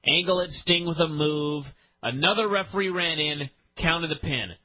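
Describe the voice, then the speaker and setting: On his wrestling podcast, a man with a slightly high voice launches into an exasperated, profane rant about a show he can't stand, shifting topics quickly. The recording is lo-fi.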